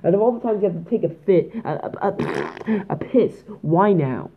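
A teenage girl from Canada hosts her own podcast alone, rambling and joking in a goofy, mock-dramatic way. Her voice sits low for a girl. The sound is thin and tinny, like a phone line. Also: huge pitch swings, moderate pace, creaky, slightly rough. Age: teens. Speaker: podcast host. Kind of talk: solo podcast chat. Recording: tinny phone-like home mic.

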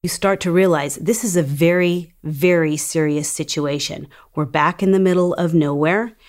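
A woman who survived an attack, calmly telling her story as personal testimony. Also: fairly low pitch. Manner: calm, measured storytelling.

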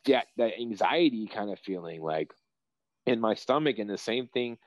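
A young man, a professional fighter, chatting casually in an interview and telling rambling, excitable, profane stories. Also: fairly low pitch, normal speed, no room sound, highs cut off.

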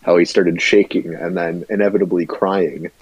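A laid-back young man co-hosting a casual podcast, his voice very low and husky. He rambles easily, padding his points with filler words. The audio is dry and slightly muffled. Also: fairly even intonation, normal speed. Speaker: podcast co-host. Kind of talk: casual chat.

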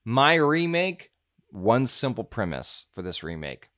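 A man's voice: medium pitch, very animated, a little slow, a bit bright. A man co-hosting a casual movie podcast, rambling playfully with many fillers. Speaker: podcast co-host.

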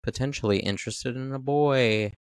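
A man co-hosting a podcast who chimes in with film trivia and asides in a loose, filler-heavy way. His voice is at a medium pitch for a man. It is recorded close and dry. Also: moderate pace, smooth, no echo. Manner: chatty, adds trivia with fillers. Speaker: podcast co-host. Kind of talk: casual film recap chat.

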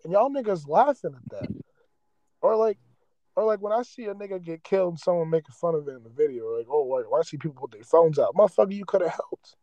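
A man's voice: fairly high pitch, animated, fast talker, dark tone, dry recording, lo-fi sound. A man hosting a podcast, ranting with heavy profanity and raw emotion in a rambling, casual way. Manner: impassioned, heavily profane, rambling. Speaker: podcast host.

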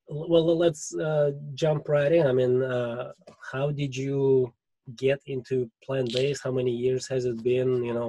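A man with a Russian accent hosting a podcast, rambling in a relaxed, hesitant way over a video call. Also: mid-range voice, dry recording, low-quality recording. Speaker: podcast host. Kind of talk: casual video-call conversation.

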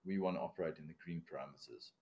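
Deep-voiced man with a non-native accent. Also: very fast, darkish tone. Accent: non-native English accent. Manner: explains step by step, blunt, swears casually. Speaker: commercial diver, guest. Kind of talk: casual podcast interview.

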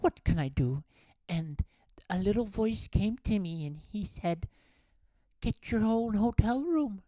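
A man impersonating a famous psychologist's wife, telling a story in a slow, earnest voice. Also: high voice, expressive, warm tone, no room sound, pitched above the performer's own voice. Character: a famous psychologist's wife, soft-spoken, earnest middle-aged woman.

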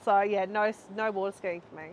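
A woman's voice: mid-range voice, fairly even intonation, a little fast, poor audio. A woman guest on a podcast who runs a home brewing supply shop, chatting casually and laughing easily. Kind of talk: casual chat.

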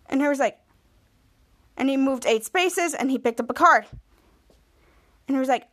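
A woman with a high, light voice hosts a podcast and recaps a TV episode in a loose, rambling way. She chains events together with "and then" and often restarts her sentences. Her delivery is casual and unscripted. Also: brisk, long pauses, fairly bright tone. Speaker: podcast host.

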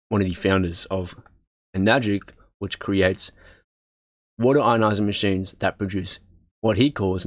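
Man reading aloud, trips over words, slips into casual chatty asides; low voice, dry sound. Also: no echo. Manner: stumbles over words, swears and laughs at himself; reads aloud, then breaks into chatty asides.

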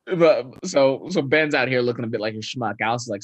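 A man's voice: medium pitch, a little fast, few pauses, slightly rough. Young male podcast co-host, casual and profane, recaps movie scenes and voices the characters' lines.

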